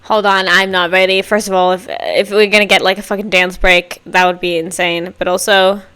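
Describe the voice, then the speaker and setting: A woman reacting to music videos in loose, chatty commentary. She gets excitable, swears freely, and breaks into squeals and laughs. Her voice sits at an ordinary middle pitch, with faint music playing underneath. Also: normal speed, smooth.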